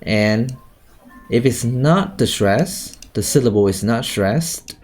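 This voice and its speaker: A man's voice: mid-range voice, lively intonation, slow pace, a little mellow, slightly rough, soft background music. A male English teacher, teaching an online class over a video call and checking in with "okay?" and "right?" all the time. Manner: questioning, repeats "okay?" and "right?".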